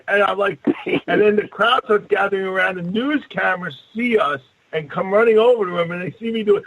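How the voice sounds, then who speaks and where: A man telling an animated story on a radio show, husky and acting out the voices. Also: sits high, brisk, poor audio. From New York. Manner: animated, acts out voices in his anecdotes.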